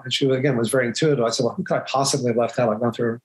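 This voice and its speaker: A man, a doctor, telling a personal story in a reflective, earnest way, pausing and restarting as he goes, with emotion showing. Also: mid-range voice, rough recording.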